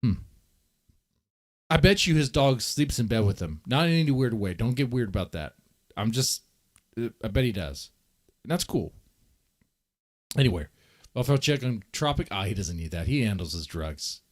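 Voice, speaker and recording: A male livestream host talking casually at a middle pitch. He rambles and teases, with an easy mocking tone. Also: animated, normal speed, pauses often.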